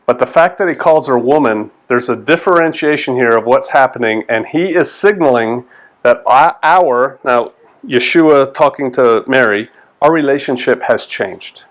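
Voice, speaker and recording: A man's voice: medium pitch, moderate pace. A man, a pastor giving a conversational sermon in a folksy way and acting out the quoted lines in different voices. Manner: folksy, animated, acts out quotes in changing voices.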